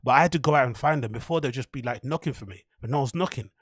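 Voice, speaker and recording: A podcast host races through a casual storytelling monologue in a medium-pitched voice, very fast, with clean studio sound and no echo. It's loose and profane, full of repetition and "like."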